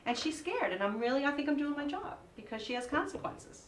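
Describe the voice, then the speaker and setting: A woman in her forties doing a stand-up comedy set, with lively delivery and sing-song voices for her kids. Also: high-pitched, a little fast, a little hiss or hum. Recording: echoey room, mic at a distance.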